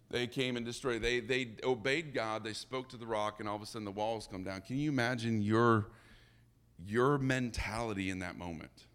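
A man preaching a sermon in a lively, conversational way, acting out the characters' dialogue. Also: on the low side. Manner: animated, conversational, acts out dialogue.

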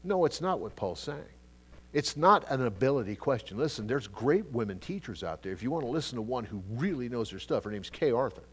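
Middle-aged pastor guy preaching, chatty, gets loud then drops low, lots of restarts. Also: brisk, husky. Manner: conversational preaching with frequent asides and repetitions; animated, swings between loud emphatic bursts and quiet low asides. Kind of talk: sermon, Bible teaching.

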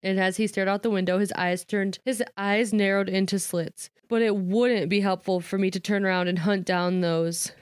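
A woman reads a novel aloud in a smooth, clear voice, then drifts into loose retelling full of "like" and easy laughter. She is recorded close and dry, with no room sound. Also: mid-range voice, steady tone, moderate pace, few pauses, no echo. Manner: reads a novel aloud, breaking off to paraphrase with lots of "like"; laughs often. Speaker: reader and commentator. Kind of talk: casual read-aloud with chat.

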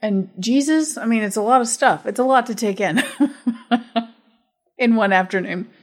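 A woman's voice: fairly high pitch, a little slow. Woman co-host, casual movie chat, talkative, laughs easily. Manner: chatty, laughs often, thinks aloud. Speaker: podcast co-host.

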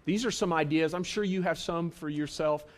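A man preaching a sermon to his church, earnest and repetitive, swinging between emphatic and hushed delivery. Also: on the high side, normal speed. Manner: earnest, repetitive, stresses key phrases, shifts between loud and hushed. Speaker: pastor. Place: church auditorium.

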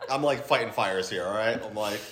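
A man co-hosting a podcast, chatting casually and telling wry stories with quick asides. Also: on the low side, a bit bright. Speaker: podcast co-host, social media manager. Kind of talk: casual chat. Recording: roomy.

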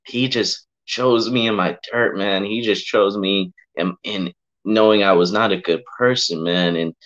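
A man's voice: on the low side, steady tone, a little slow, fairly bright tone. A man sharing his faith testimony in a casual podcast chat, heartfelt and emotional, often saying bro and man. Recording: muffled lo-fi audio.

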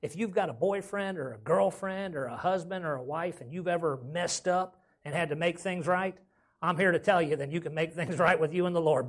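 A man's voice: fairly high pitch, fairly quick. A man preaching a sermon as pastor, with folksy casual grammar and frequent calls of "amen?".

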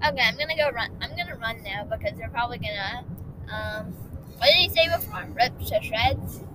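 A nervous, rambling dragon from a kids' storytelling podcast, voiced by a woman. He rushes and restarts his words, fairly high and lively in tone. The steady hum of a moving car sits underneath. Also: lightly acted. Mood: flustered. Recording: road noise from a moving car.

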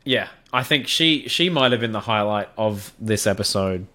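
A man's voice: on the low side, lively intonation, normal speed, sharp tone. Laid-back Australian man co-hosting a podcast. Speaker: podcast co-host. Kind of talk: casual chat.

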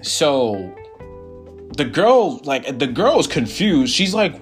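A young man hosting his own podcast, telling a personal story in a rambling, animated, profane way with lots of fillers. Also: a little high, slow, soft background music. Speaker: podcast host. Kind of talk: casual solo storytelling.

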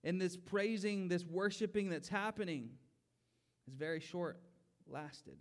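A man's voice: high voice, measured pace. A man preaching a conversational sermon, acting out complaining voices and rising to emphatic pleas.

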